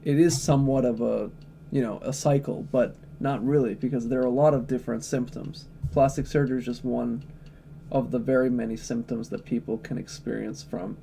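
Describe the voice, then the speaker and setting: A man's voice: mid-range voice, steady tone, brisk, vocal fry, mellow, slight background noise. A man chatting casually on a livestream, blunt, opinionated and profane, answering chat questions.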